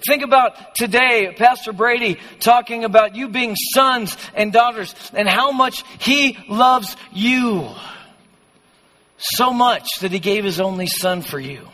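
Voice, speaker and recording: A youth pastor preaching a conversational, passionate sermon in a church hall. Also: male voice, very high voice, unhurried, pushed and bright. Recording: long hall reverb.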